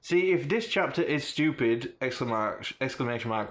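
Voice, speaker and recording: A man's voice: mid-range voice, animated, normal speed, hardly any pauses. Giggly man reading aloud. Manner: reads aloud, breaking into giggles. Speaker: podcast co-host. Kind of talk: comedic dramatic reading.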